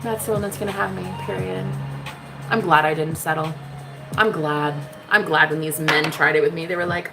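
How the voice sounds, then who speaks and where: A woman's voice: low-pitched, steady tone, normal speed, gravelly, rough recording. A woman delivering an impassioned spiritual monologue, sassy and emphatic, swearing often and calling the listener "honey". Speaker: spiritual love-reading vlogger. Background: music.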